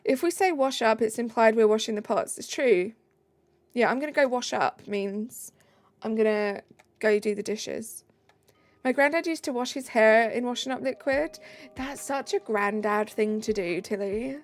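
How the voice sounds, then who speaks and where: A woman's voice: fairly high pitch, unhurried. A British woman streaming live, chatting casually and reading out viewer comments. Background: faint background music.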